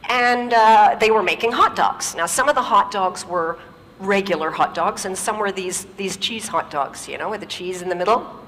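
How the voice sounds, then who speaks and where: A woman's voice: medium pitch, fairly bright tone, big-room sound, slight background noise, rough recording. A woman giving a stage talk. She tells stories emphatically and uses rhetorical questions and repetition.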